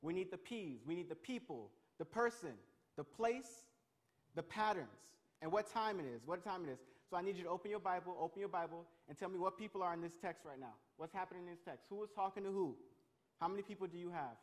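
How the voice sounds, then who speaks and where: A man leading an interactive Bible lesson, energetic and calling on his listeners. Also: sits high. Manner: energetic, calls on the crowd, quick restarts. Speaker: youth pastor.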